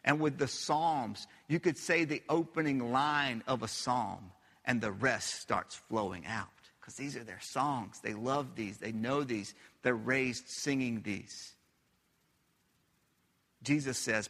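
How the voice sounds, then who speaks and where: A man's voice: medium pitch, slow pace, fairly bright tone. Emphatic preacher, man, in a reverberant hall. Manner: emphatic, repeats phrases, asks the audience questions. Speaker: pastor. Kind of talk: sermon.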